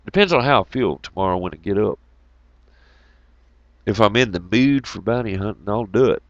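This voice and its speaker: A man's voice: fairly low pitch, animated, moderate pace, no echo, dull audio. Profane, rambling man. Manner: profane, rambling, laughs often. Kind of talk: casual rambling storytelling.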